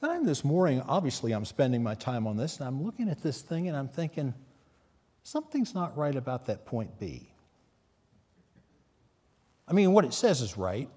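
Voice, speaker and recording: A man's voice: on the high side, mellow, slightly rough. A man preaching a Bible teaching sermon in a conversational way, often asking his listeners questions. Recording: long hall reverb.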